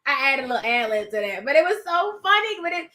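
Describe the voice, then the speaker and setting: High-pitched woman rambling on a home live stream, bright voice, calls folks y'all. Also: fast talker. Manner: animated, rambling, talks to viewers as y'all. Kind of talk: casual live-stream chat. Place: home office.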